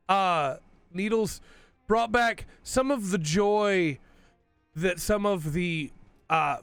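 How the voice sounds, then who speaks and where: A man's voice: high-pitched, gravelly, fairly bright tone, clear, resonant tone, dry recording. A man hosting a podcast, giving a rambling, enthusiastic casual review while losing his voice. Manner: rambling, enthusiastic, self-correcting. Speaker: podcast host reviewing episodes.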